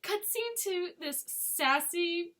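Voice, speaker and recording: High-voiced, giggly woman reviewer. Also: expressive, slow, bright, forceful tone. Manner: chatty, giggly, sarcastic asides. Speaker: movie reviewer. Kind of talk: casual chat.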